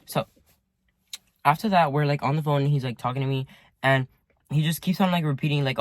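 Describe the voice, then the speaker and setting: A man's voice: medium pitch, steady tone, a little fast, no echo. Rambling teen guy telling a story. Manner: rambling, heavy use of "like", swears often. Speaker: vlogger. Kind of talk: casual storytime to viewers. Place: sitting in his car at home.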